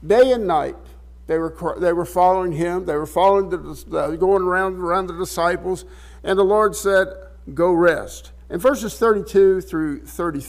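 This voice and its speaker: A man with a high voice preaches a sermon. He reads scripture aloud and then talks it through conversationally, restarting and repeating words as he goes. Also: darkish tone. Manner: conversational, repeats words while searching for phrasing; reads scripture aloud in King James wording.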